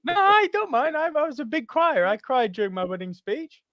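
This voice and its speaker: A man's voice: extremely high pitch, big pitch swings, brisk, pushed and bright, no room sound, studio quality. A man co-hosting a casual movie podcast, jokey, laughing often and swearing freely. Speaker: podcast co-host. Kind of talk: casual chat.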